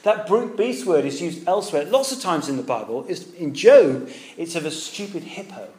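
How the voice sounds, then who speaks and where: A man's voice: fairly high pitch, lively intonation, moderate pace, a little mellow. A British man preaching a sermon in a conversational way, asking his listeners rhetorical questions. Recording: echoey room with faint ambience.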